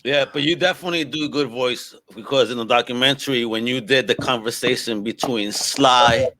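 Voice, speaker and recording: A man from Brooklyn co-hosting a podcast interview, enthusiastic and quick to laugh. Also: medium pitch, bright, forceful tone, poor audio. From Brooklyn, New York. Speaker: podcast co-host. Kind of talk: casual interview chat.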